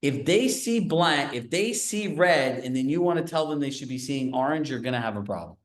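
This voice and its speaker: Brief: male sales coach, lively storytelling, roomy echo, mid pitch. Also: normal speed. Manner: animated, storytelling, asks the audience questions. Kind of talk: training session talk.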